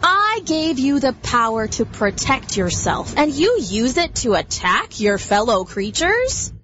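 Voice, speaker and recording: A woman voicing Mother Nature, a powerful female spirit who speaks slowly and sternly. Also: on the high side, very animated, a bit bright, dull audio, a little hiss or hum.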